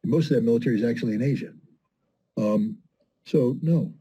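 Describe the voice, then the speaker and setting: Brief: male commentator, very dark tone, husky edge, emphatic and scornful. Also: medium pitch, a little fast, poor audio. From United States. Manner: emphatic, scornful, fires rhetorical questions. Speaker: guest commentator. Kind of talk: political commentary in a conversation.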